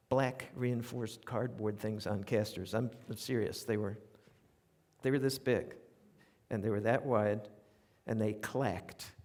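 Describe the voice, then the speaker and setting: This older New Yorker has a mid-range voice and spins funny stories on stage with a wry, conversational manner and animated asides. He's a radio commentator performing essays as a humorous storytelling monologue for a live theater audience, and the recording has a long reverb.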